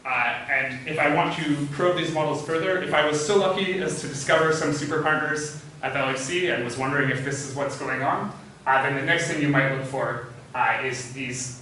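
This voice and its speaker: A man's voice: medium pitch, brisk, bright, forceful tone, distant mic, a little hiss or hum. Man lecturing in an echoey hall. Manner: hesitant, many "uh" fillers, thinking aloud. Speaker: physics lecturer. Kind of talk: academic talk.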